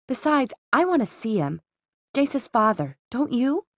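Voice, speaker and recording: A woman reading an audiobook, voicing a bold, eager teenage girl in a lifted, brighter voice. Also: very animated, a little slow, no room sound, clean studio sound, exaggerated voice. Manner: eager, higher and brighter than the narration.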